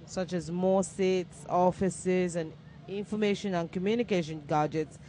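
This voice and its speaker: A man reporting for a news segment, measured and full of fillers. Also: sits high, fairly even intonation, warm tone, slight background noise, rough recording.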